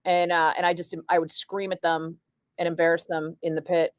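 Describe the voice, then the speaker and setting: A woman's voice: fairly low pitch, level tone, normal speed, dry recording, clean studio sound. A middle-aged woman, a radio DJ, chatting casually and bluntly with her stream viewers and answering their comments. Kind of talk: casual livestream chat.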